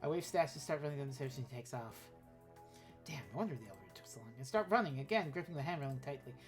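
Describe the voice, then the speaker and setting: A woman's voice: very deep voice, lively intonation, very fast, faint music behind. A woman streamer reading a text adventure game aloud, with offhand asides and swearing.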